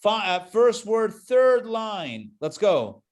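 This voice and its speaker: Chatty male reading teacher on a video call, a touch high-pitched, joking while drilling syllables. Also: big pitch swings, slow, a loud crowd. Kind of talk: live online class teaching.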